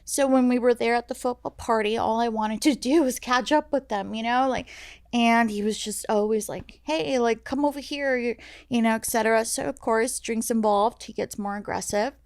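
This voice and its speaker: Young adult woman, podcast guest, slightly gravelly, halting candid storytelling. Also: fairly high pitch, steady tone, no room sound, clean studio sound. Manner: halting, many fillers and restarts. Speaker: guest sharing her story. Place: podcast studio.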